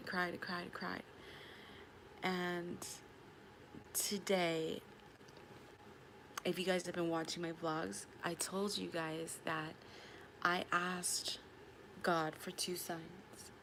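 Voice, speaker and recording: Gravelly low-voiced woman vlogging. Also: fairly bright tone, a little hiss or hum. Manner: emotional, rambling, repeats herself. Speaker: tarot vlogger. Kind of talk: personal storytime vlog.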